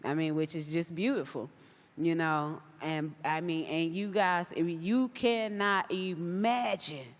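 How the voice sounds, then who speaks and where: Woman guest speaker, casual and animated, lots of acted-out quotes, live in a large reverberant hall. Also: fairly low pitch, a little slow. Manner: chatty and animated, acts out quoted voices. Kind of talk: casual talk to a live audience.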